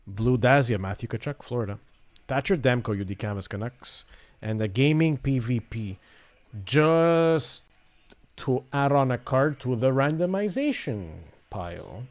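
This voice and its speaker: Male card-break host, mid pitch, rapid call-outs of cards, chatty asides. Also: animated, a little mellow. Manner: rattles off card names and teams, upbeat asides. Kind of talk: live pack-opening commentary.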